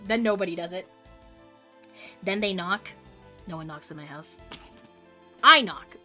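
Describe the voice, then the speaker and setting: A woman's voice: medium pitch, lively intonation, normal speed, pauses often, pushed and bright, soft background music. A young woman streaming a video game, chatting casually, giggly and self-mocking. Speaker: variety streamer.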